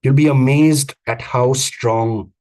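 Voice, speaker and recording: A man giving a live online coaching talk on vocal presence, speaking emphatically with repeated phrases and deliberate pauses. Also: mid-range voice, steady tone, mellow. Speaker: communications coach. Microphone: video call.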